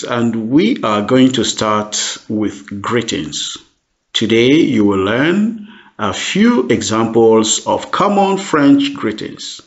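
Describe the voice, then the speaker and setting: A middle-aged man teaching beginners as a language teacher, speaking slowly and repeating each phrase carefully. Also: medium pitch, gravelly. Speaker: French teacher. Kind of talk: language lesson. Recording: dull lo-fi sound.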